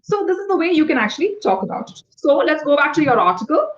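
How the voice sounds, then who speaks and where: A woman tutoring English over a video call, explaining words quickly and patiently. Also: high-pitched, sing-song, muffled recording, a little hiss or hum. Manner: fast-talking, explanatory, patient. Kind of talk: one-on-one online English lesson.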